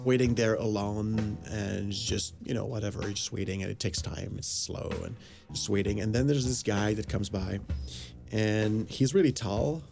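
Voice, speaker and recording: A man's voice: lowish voice, normal speed, creaky, music in the background. A man casually telling a personal anecdote, rambling with lots of fillers and quoted dialogue. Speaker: storyteller. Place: Los Angeles area.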